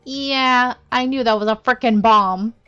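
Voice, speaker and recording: A young woman commentating a blind playthrough of a story game, with loud, laughing reactions. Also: a little high, measured pace, clear, resonant tone, soft background music. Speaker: gaming streamer. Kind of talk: blind let's-play commentary. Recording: dull lo-fi recording.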